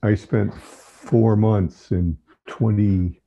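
Very deep, gravelly man on a dull line. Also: fairly even intonation, extremely slow, dark tone. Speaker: podcast guest. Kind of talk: casual conversation.

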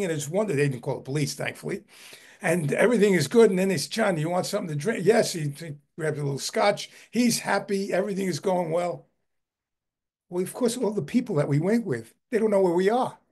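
A man who heads a historical society gives a video-call book talk. He tells an animated anecdote and often repeats his words. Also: high-pitched, husky. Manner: animated, repeats words while telling a story.

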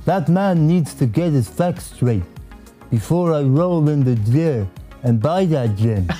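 A man doing an impression of a boastful male fighter, slow and clipped. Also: on the high side, animated, dark tone, soft background music. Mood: swaggering.

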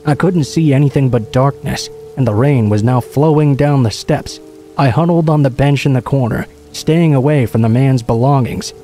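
Male horror narrator, mid pitch, mellow dark timbre. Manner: steady, measured storytelling. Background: faint music and rain.

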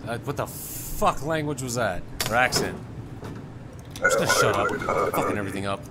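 A man hosting a gaming channel, giving excitable let's play commentary, rambling to himself and swearing when he makes mistakes. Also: medium pitch, moderate pace, very noisy.

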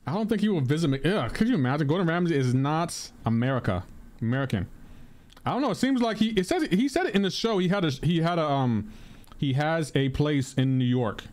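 Rambling streamer man, slightly high voice. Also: very animated, fairly quick, a little mellow. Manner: rambling, repeats himself, answers chat aloud. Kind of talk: casual live-stream chat while gaming.

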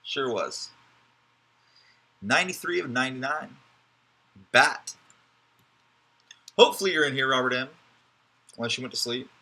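A man's voice: mid-range voice, lively intonation, moderate pace, long pauses, bright, forceful tone. A man hosting a live card break, giving chatty, joking running commentary as he opens packs.

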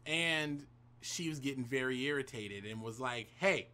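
A man's voice: mid-range voice, moderate pace, pushed and bright. A man telling a personal story to camera in a casual vlog, slangy and profane, with hype-man asides to the viewers. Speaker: YouTube storyteller.

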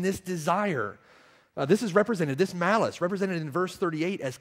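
A male pastor preaching a sermon, repeating his questions and swinging from hushed reflection to loud, pleading appeals. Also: sits high, normal speed. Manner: rhetorical repetition and questions.

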